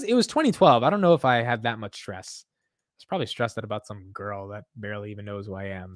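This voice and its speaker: A man's voice: mid-range voice, fairly bright tone, no room sound, studio quality. A young man hosting a late-night livestream, rambling loosely and reading viewer comments aloud, with "yo" and "bro" thrown in often. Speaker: livestream host.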